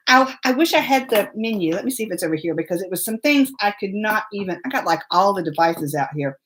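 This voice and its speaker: In a casual storytelling live stream, a woman with a mid-range, expressive, slightly bright voice and a breathy edge speaks briskly. She laughs and chats through a long tale, saying hello to commenters as they appear.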